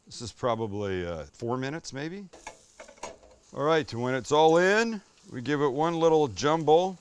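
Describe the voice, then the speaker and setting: A man hosting a casual cooking demonstration, excitable and chatty, swearing when delighted and talking straight to the viewer. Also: fairly high pitch, a little slow, a little hiss or hum. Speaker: cooking show host.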